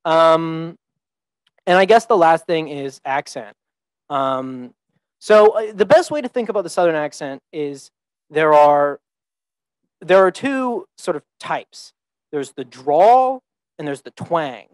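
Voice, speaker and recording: A man's voice: on the high side, expressive, takes it slowly, pauses often, clean tone, no room sound, poor audio. A young man giving an informal talk to students as a teaching fellow, thinking aloud with many ums and restarts. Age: young adult. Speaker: visiting teaching fellow presenting.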